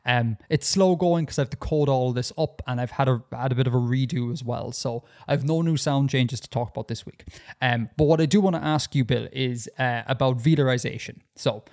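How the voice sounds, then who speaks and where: Chatty man with halting restarts. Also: mid-range voice, a little mellow. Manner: chatty, hesitant with many restarts and fillers. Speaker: podcast co-host. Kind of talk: casual podcast discussion.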